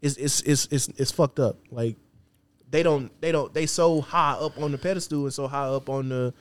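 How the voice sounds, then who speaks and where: A man's voice: mid-range voice, normal speed, clean tone. Male podcast co-host, rambling, filler-heavy casual talk. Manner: rambling, repeats words, many fillers. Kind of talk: casual chat.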